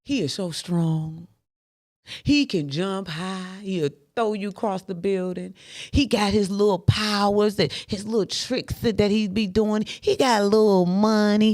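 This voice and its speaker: A woman's voice: medium pitch, a little slow, no room sound. Woman host, motivational faith talk, preachy and direct, dry close recording. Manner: animated, preachy, talks straight to listeners.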